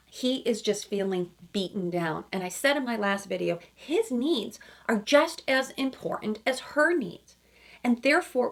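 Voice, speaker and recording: Woman, couples therapist, reaction commentary, emphatic, mid-pitched. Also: a bit bright. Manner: emphatic, acts out quoted lines in other voices; frequent checking-in asides.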